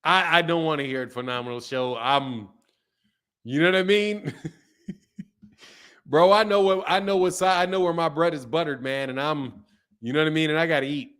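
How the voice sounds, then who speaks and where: A man with a slightly high voice hosts a live stream, talking loosely and joking with his viewers. He laughs often and answers comments as they come in, in an easygoing, casual way. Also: fairly even intonation, moderate pace, pauses often, a bit bright, clean tone. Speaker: live-stream host reading chat.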